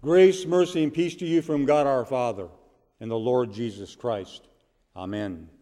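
A man preaching a sermon as pastor, measured and emphatic, leaning hard on repeated words. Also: mid-range voice, fairly even intonation, dark tone, in a large hall. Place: church sanctuary.

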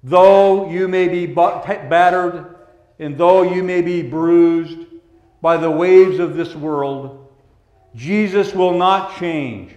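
A man preaching a sermon in a gentle, pastoral way, dropping to hushed tones and then rising to emphatic lines. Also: fairly high pitch, fairly even intonation, takes it slowly, echoey room. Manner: gentle, pastoral, swinging between soft hushed passages and raised emphatic ones.

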